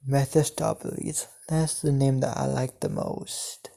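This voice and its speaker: A man voicing an ancient, scheming male devil who offers deals, in a hushed whispered role-play. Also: mid-range voice, flat delivery, a little slow, creaky, background noise. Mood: sly.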